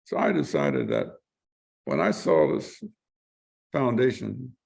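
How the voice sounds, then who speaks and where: An older man being interviewed speaks slowly in a lowish, gravelly voice with a breathy edge. He's a vivid, animated storyteller who acts out what others said, sometimes repeating words in search of the right one.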